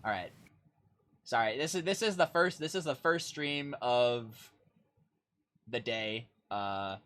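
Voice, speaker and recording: With a slow pace and a medium-pitched, slightly bright voice, a young esports caster gives casual commentary on an online car soccer match from his home stream. He's chatty and self-deprecating, calling plays between asides over a desk mic with face cam.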